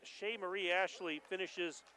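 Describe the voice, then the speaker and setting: A man doing live play-by-play for a high school basketball game, excited and rising to shouts at the big plays. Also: measured pace, low-quality recording. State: out of breath. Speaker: play-by-play announcer.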